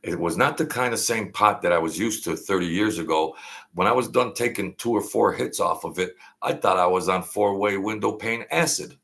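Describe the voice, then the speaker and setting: A gravelly, low-voiced man in his sixties from Brooklyn hosts a casual late-night livestream. He rambles and restarts, airs strong opinions and reads out viewer names as he goes. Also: moderate pace, fairly bright tone. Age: 60s. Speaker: livestream host.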